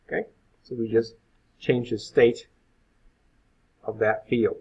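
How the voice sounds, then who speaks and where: A man's voice: mid-range voice, steady tone, slow, gravelly, a little mellow, slightly rough. A male web instructor giving an informal live coding lecture, thinking aloud with frequent fillers. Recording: phone-like lo-fi sound.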